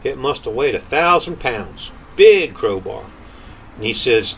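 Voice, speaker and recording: An older grandfather reading a folk tale aloud in an unhurried, folksy way. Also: mid-range voice, big pitch swings, creaky, a bit bright, slight background noise, low-quality recording. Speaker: storyteller.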